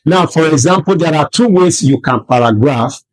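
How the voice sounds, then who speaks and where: A man's voice: a little high, animated, low-quality recording. A man teaching a lesson, repeating points and constantly asking if students understand. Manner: checks in often with rhetorical "All right?" and "Do you understand?"; repeats and rephrases points slowly for emphasis. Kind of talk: classroom-style lesson.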